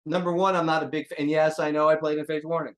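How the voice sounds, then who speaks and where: Fast and flat in delivery, this older man's voice sits on the high side. As a drummer guest in an interview, he speaks bluntly and casually, joking around and swearing without restraint.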